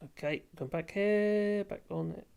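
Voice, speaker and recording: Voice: medium pitch, a little slow, creaky, darkish tone, clear, resonant tone. A casual livestream host, who rambles, laughs often and swears freely while reading viewer comments. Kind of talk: casual live chat.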